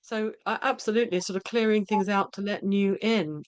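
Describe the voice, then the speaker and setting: Female podcast host, easygoing and halting, full of tag questions and false starts. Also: mid-range voice, fairly even intonation. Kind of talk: casual conversational interview.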